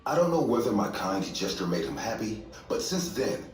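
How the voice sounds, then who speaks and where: Low-voiced man narrating a horror story. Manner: steady, measured storytelling. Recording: echoey distant room, faint music.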